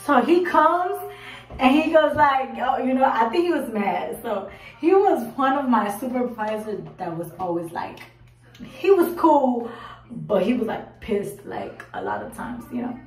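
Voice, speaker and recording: A woman's voice: on the high side, a little slow. A young woman in her twenties telling a casual storytime, acting out what she and others said and swearing casually. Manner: animated, acts out her own quotes, swears casually. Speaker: vlogger. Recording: roomy echo, a bit far from the mic.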